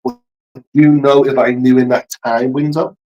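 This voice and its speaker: A man's voice: medium pitch, fairly even intonation, moderate pace, warm tone, lo-fi sound. A middle-aged British man from the UK, chatting playfully on a livestream podcast and trying out silly accents. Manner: playful, tries on funny accents. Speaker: podcast guest. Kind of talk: casual chat on a livestream.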